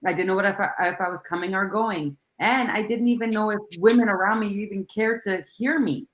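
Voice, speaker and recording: A woman co-hosting a casual panel talk, with a smooth radio voice and a slow, drawn-out delivery. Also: mid-range voice, a little hiss or hum. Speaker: program director and co-host. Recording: roomy echo.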